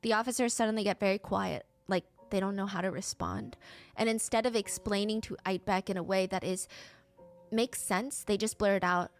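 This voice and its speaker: Woman, true crime narrator, middle pitch, faint music bed behind her. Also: moderate pace. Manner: acts out quoted lines with rising pitch.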